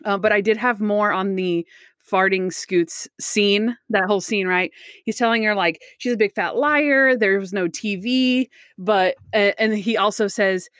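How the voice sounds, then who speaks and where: A woman's voice: mid-range voice, unhurried, a bit bright, no room sound. Woman in a dry, close casual chat. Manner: chatty recaps with frequent "he's like" retellings.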